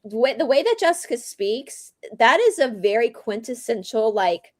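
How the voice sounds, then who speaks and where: A woman's voice: a little high, sing-song, moderate pace, dry recording. A woman with a Southern American accent hosting a casual livestream chat, talking in a rambling, chatty way and laughing often. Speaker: host.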